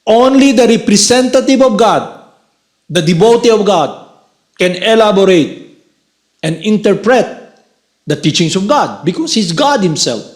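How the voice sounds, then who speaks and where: A man with a Filipino accent giving a devotional lecture, slow and repetitive, often asking "Okay?" to check understanding. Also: high-pitched, very animated, reverberant. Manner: slow, repeats key words, checks with "Okay?". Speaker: spiritual lecturer.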